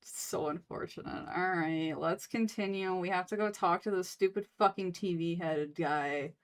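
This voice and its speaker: A woman streaming a visual novel playthrough, reading narration and chatting excitably with plenty of swearing. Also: lowish voice, moderate pace. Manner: excitable, swears a lot, laughs often. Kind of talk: casual let's-play chat.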